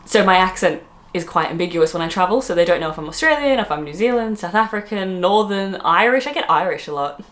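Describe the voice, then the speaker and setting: A young woman from the UK talks straight to her viewers in a casual vlog. Her voice sits a little low for a woman. She sounds opinionated and blunt, and her talk is loose and full of "like". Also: lively intonation, quick pace, fairly bright tone. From United Kingdom. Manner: chatty and outspoken, many "like" fillers. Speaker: vlogger.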